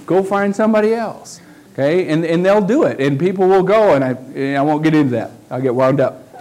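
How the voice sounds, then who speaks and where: A man's voice: a little high, darkish tone, rough recording. Folksy male pastor preaching a sermon. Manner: folksy, conversational preaching with frequent "okay?" asides.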